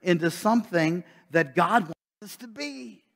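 A man's voice: high voice, expressive, measured pace, creaky, a bit bright. A man preaching a sermon as pastor, talking conversationally and asking his listeners rhetorical questions. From United States. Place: church sanctuary. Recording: long church reverb.

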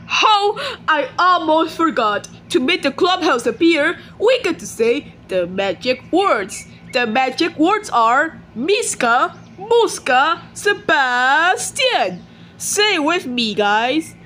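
A woman hosting a homemade kids' show, talking excitedly straight to the children watching. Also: high voice, slow pace, slight background noise. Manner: excited, talks straight to the kids.

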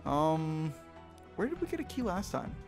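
A man's voice: on the high side, sing-song, a little slow, vocal fry, a little mellow, faint music behind. A man hosting a let's play, giving casual gameplay commentary in a chatty, joking manner and swearing freely.

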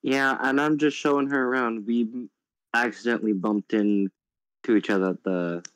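A man's voice: mid-range voice, steady tone, normal speed, a bit bright, clear, resonant tone, no echo, rough recording. A man playing a tabletop game, jokey and playful, slipping into mock-formal phrasing. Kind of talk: casual play chat.

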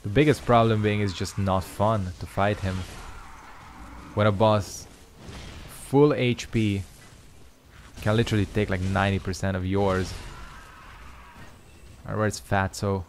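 A man's voice: lowish voice, fairly even intonation, measured pace, pauses often, slight background noise. A young man casually commenting on his own gameplay, swearing and joking to himself. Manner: swears freely, jokes to himself. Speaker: gaming video host.

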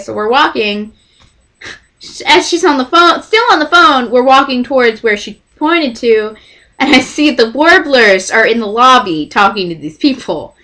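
A young Texan woman tells a story to camera in a casual vlog, animatedly acting out what other people said. Her voice sits high and moves at normal speed.

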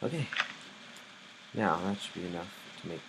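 A man's voice: deep voice, expressive, moderate pace, vocal fry, heavy background noise. A young man commentating his own live gameplay, easily startled and muttering nervously to himself. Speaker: gamer playing live.

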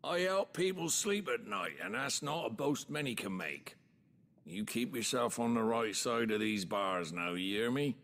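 An actor playing a gruff male jail guard in a video game, blunt. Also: medium pitch, lively intonation, measured pace, fairly bright tone.

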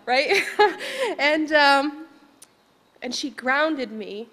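A high-pitched woman tells a personal story at a conference, laughing often and asking the room "right?" between thoughts. Her voice is emotional and sincere. It carries a long reverberation from a large hall. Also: expressive, takes it slowly, pushed and bright. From Vermont. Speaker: conference speaker, educator.

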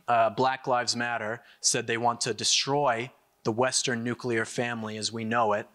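A man's voice: mid-range voice, little pitch movement, sharp tone. A young American man giving an emphatic political speech to an audience, repeating words as he builds his points. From United States. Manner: emphatic, repeats himself, quick asides. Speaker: conference speaker.

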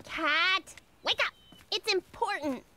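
Duck, a shrill fretful cartoon duck. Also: female voice, takes it slowly, very noisy. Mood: worried. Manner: dramatic, fretful. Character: fussy female cartoon duck, easily flustered.

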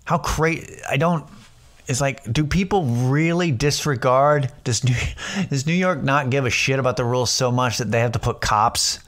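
A man's voice: mid-range voice, fairly even intonation, moderate pace, fairly bright tone. A man hosting a casual solo podcast, telling rambling, profane stories with lots of restarts. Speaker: podcast host.

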